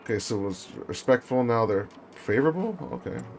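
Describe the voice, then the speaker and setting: A man playing a story game, reading its text slowly and deliberately, with chatty, apologetic asides. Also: medium pitch, animated, creaky, a little mellow, slight background noise. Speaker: gamer.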